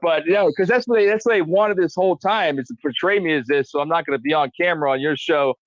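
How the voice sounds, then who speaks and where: A high-voiced man speaks as a guest, telling his story with lots of swearing, repeated words and quotes of his own earlier remarks. His voice sounds dull and lo-fi, in a dry, close recording with no room sound. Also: fast, no room sound. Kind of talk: heated profane storytelling.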